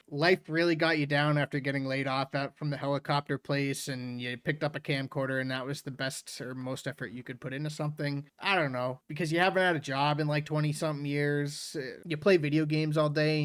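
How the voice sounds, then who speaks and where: A man's voice: on the high side, clear, resonant tone, no echo, clean studio sound. A man giving mocking reaction commentary over a clip, sneering at the person on screen. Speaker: reaction streamer.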